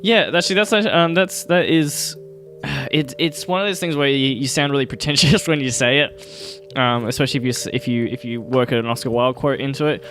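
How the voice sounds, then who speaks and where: A man's voice: mid-range voice, fairly quick, few pauses, a bit bright, soft background music. A man co-hosting a podcast in casual chat, rambling and easily sidetracked, often laughing as he talks. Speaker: podcast co-host.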